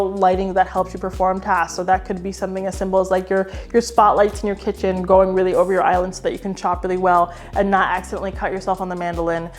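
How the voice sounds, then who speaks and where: A woman hosting a home decor vlog, giving design tips to camera in a chatty, playful, slangy way. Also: mid-range voice. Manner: animated, playful, slangy, talks straight to camera.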